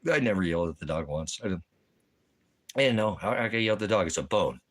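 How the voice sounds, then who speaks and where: A man vlogging in casual chat, rambling and repeating himself with halting restarts. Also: low-pitched, lively intonation, fairly bright tone.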